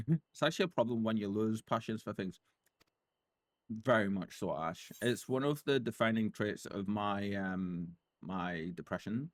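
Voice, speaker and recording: A man's voice: fairly low pitch, no room sound. A man playing a game on stream and talking candidly, rambling with fillers. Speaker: let's play streamer. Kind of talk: casual gameplay commentary.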